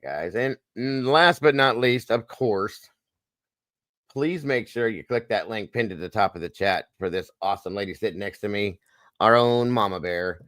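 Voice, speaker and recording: Low voiced guy hosting a livestream, shouting out people in chat, dry close sound. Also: no room sound. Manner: shouts out viewers by name, jokey and upbeat. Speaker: livestream host. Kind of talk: casual live-stream chat.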